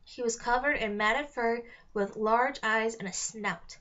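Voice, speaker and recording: A woman reads a children's storybook aloud at a steady pace, now and then stumbling and starting a phrase over. Her voice sits a little high, and the recording sounds dull and lo-fi. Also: unhurried. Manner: reads aloud with small slips and restarts. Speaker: reader. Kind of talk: read-along of a children's novel.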